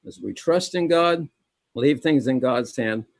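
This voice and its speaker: Husky-voiced man preaching a sermon. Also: medium pitch, a little slow, no echo. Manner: emphatic, repeats key phrases, addresses listeners as brethren.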